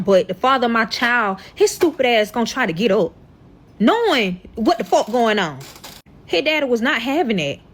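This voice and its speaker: A young woman telling a dramatic storytime to her viewers in a casual, animated way, swearing often. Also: mid-range voice. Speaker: storyteller reacting to her own past.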